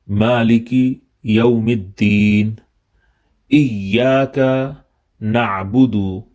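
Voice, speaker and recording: A man teaches recitation in a fairly low voice, speaking very slowly. He says each word carefully and repeats it to show the right pronunciation. His delivery is patient and instructional. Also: a little mellow. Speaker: religious teacher. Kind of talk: recitation lesson.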